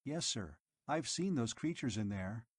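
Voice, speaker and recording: A man voicing a quiet, dutiful robot. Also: medium pitch, animated, measured pace, slightly rough, no echo, studio quality. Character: dutiful, obedient male robot.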